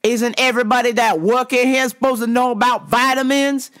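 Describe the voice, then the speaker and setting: A woman voicing a pushy, aggressive older male customer with a cane who talks loud and demanding. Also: fairly high pitch, fairly even intonation, very slow, voice pushed up. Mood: indignant. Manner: loud, demanding, repeating himself.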